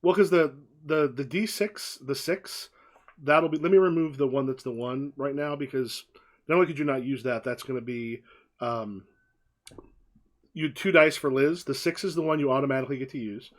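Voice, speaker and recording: A man's voice: medium pitch, moderate pace. A man running a tabletop game as game master, rambling and repeating himself as he narrates.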